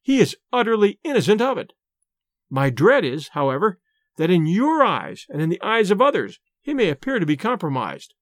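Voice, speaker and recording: Agitated middle-aged landlady, played by a male reader; high, swooping, dry audiobook sound. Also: big pitch swings, moderate pace, dry recording. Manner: anxious, earnest pleading. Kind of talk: audiobook reading.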